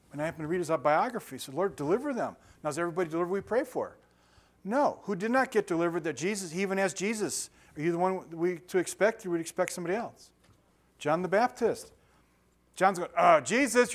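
A man delivering a sermon in a church, speaking with a fairly high voice. He talks in a relaxed, conversational way, jokes with the congregation and keeps asking them questions. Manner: conversational, joking, chuckles often, asks the congregation questions. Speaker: pastor. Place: church sanctuary.

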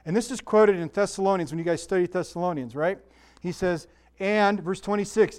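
A pastor preaching a conversational sermon, mixing scripture with chatty asides and self-deprecating jokes. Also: male voice, high voice, a little fast.

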